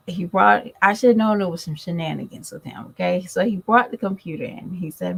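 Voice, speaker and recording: A middle-aged woman vlogging in a relaxed, chatty way, calling her viewers y'all as she tells a family story. Her voice sits low with a gravelly fry and a husky edge. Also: moderate pace, few pauses, poor audio. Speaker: vlogger and mother. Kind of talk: casual chat to viewers.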